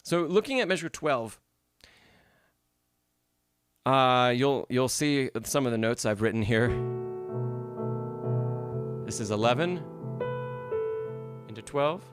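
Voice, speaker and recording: A man's voice: medium pitch, expressive, slow, pauses often. Patient male piano teacher explaining. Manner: patient, explanatory, frequent "right?" and "yes?" check-ins. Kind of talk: live-streamed masterclass feedback.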